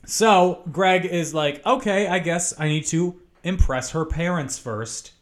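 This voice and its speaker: A man's voice: a little high, unhurried. A young man co-hosting a podcast, recapping a movie in casual, sarcastic chat and laughing often. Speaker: podcast co-host.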